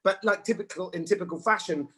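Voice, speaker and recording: Man in his forties, from England, fairly high voice, lively storyteller, video call interview. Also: quick pace, husky, poor audio. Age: 40s. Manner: animated storyteller, acts out quotes. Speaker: actor and guest. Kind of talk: casual interview chat.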